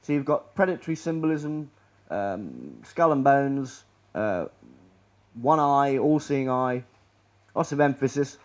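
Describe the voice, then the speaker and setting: A man's voice: medium pitch, lively intonation, measured pace, lo-fi sound. Sardonic man giving a rambling talk. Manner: rambling, sardonic, trails off quietly. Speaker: presenter. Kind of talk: public presentation. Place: lecture room.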